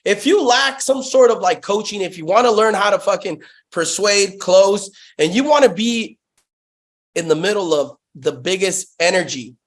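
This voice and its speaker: Hyped, swearing salesman, high voice. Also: animated, normal speed. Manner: profane, hyped storytelling, lots of "bro". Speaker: guest, sales company founder. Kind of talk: casual podcast interview.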